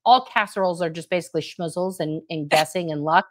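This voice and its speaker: A woman's voice: fairly low pitch, fast talker, crowd noise. A middle-aged woman co-hosting a casual livestream chat, talking in a reflective, rambling way and often asking "you know what I mean". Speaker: co-host.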